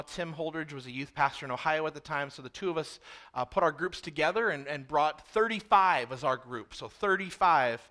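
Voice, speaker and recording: A man preaching a sermon through a lively personal story. His voice sits a little high and rings bright and forceful. He talks animatedly and often picks up speed as he tells it. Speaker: pastor.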